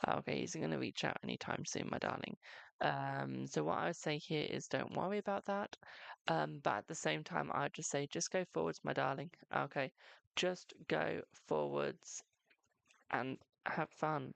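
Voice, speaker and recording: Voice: medium pitch, fairly quick, creaky, fairly bright tone, no room sound. A live-stream host doing tarot readings in a chatty, reassuring way, calling viewers "my darling" and leaning on "okay" between lines. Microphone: close microphone.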